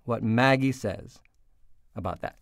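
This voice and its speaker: A man's voice: medium pitch, measured pace, no room sound, studio quality. A man hosting a podcast, speaking in an earnest, reflective way and leading into the next guest. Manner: earnest, reflective, leads the segments. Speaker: podcast host.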